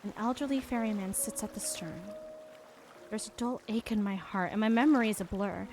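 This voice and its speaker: A young woman streamer reading a game's story and dialogue aloud, soft and expressive. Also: mid-range voice, fairly quick. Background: game music.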